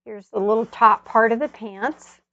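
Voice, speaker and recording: A woman's voice: a little high, steady tone, normal speed, fairly bright tone, dry recording, muffled recording. A woman demonstrating an oil painting step by step, chatting and thinking aloud as she works. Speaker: painting instructor.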